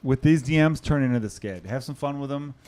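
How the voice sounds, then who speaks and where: A man's voice: medium pitch, fairly quick, warm tone, a little hiss or hum. A man hosting a podcast, talking in a joking, crude and self-deprecating way in casual bar-room chat. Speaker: podcast host.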